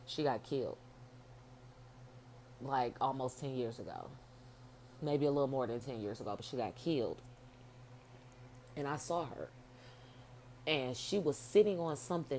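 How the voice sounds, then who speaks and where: A middle-aged woman telling a dream story in a blunt, profane, animated way. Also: low-pitched, a little hiss or hum. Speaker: vlogger telling her dream. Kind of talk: casual storytelling.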